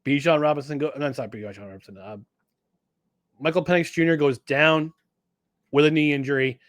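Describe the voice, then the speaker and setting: A man co-hosting a sports podcast in casual chat, animated and jokey, often restarting his sentences. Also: on the high side, a little fast, no echo, studio quality. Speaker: podcast co-host.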